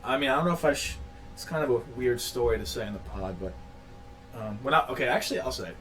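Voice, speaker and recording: A man's voice: mid-range voice, animated, quick pace, a bit bright, faint music behind. A young man in his twenties, co-hosting a podcast and telling a rambling story with frequent laughs. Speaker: podcast co-host. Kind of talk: casual podcast banter.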